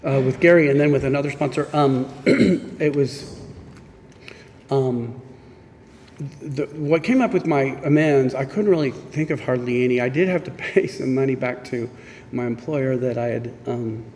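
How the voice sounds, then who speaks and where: A man from Missouri shares his story at a group meeting in a frank, self-deprecating way, acting out the voices of the people he talks about. His voice sits at an ordinary middle pitch. The sound rings out in a reverberant hall with a faint hiss underneath. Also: normal speed, a little mellow. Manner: candid, self-mocking storytelling that acts out quoted exchanges. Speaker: speaker at a recovery meeting. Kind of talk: personal recovery story told to a meeting. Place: meeting room. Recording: echoey hall with faint background noise.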